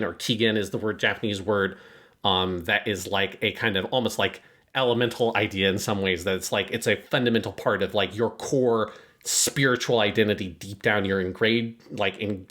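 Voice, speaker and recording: A man's voice: lowish voice, fairly bright tone. A man co-hosting an anime review podcast, explaining story concepts at length in a loose, filler-heavy way. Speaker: podcast co-host. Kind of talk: casual analytical discussion.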